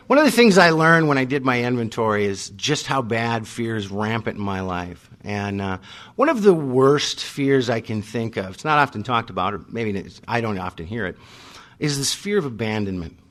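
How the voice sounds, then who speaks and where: A man's voice: mid-range voice, a bit bright. A man from North Dakota telling his recovery story to a meeting, self-mocking, with comic timing, acting out both sides of old arguments. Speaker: AA speaker. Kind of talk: storytelling talk to a live audience.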